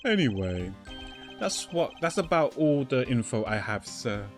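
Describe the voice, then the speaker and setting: A man's voice: medium pitch, big pitch swings, unhurried, soft background music. A man voicing a loyal, eager police detective in a game, deferential and earnest. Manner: deferential, says sir a lot.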